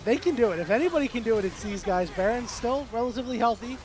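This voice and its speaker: High-voiced excitable male esports caster. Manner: fast, excitable calls that swing to shouting. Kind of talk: play-by-play commentary.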